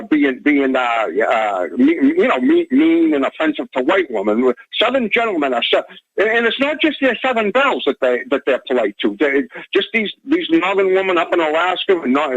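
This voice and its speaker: A man's voice: on the high side, vocal fry, fairly bright tone, husky, dry recording. A man calling in to a talk radio show, rambling with stumbling restarts over a phone line. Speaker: caller. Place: Boston area.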